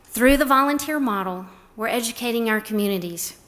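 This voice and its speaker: Speaking fairly quickly in a slightly high voice, a middle-aged woman presents a prepared talk on a respite care program. She's warm and tells stories, performing the quotes she shares.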